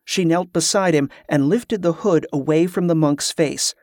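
An audiobook narrator reading a fantasy story in a steady, even way. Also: mid-range voice, normal speed, no echo, clean studio sound.

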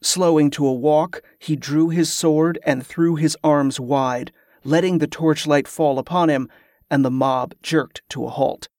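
A man's voice: on the high side, steady tone, unhurried, a little mellow, no echo. Man narrating an audiobook, dry and close. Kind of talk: scripted narration.

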